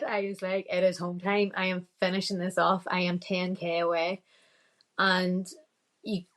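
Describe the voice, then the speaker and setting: A woman's voice: lowish voice, a bit bright. A woman with a Northern Irish accent, a podcast guest telling a story casually, quoting her own thoughts and laughing often.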